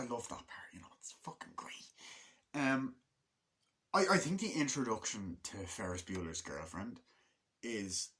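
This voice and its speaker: A man's voice: lowish voice, bright, forceful tone. A man giving a casual spoken movie review, rambling and chatty with many fillers and restarts. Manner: acts out film characters' lines in quick put-on voices.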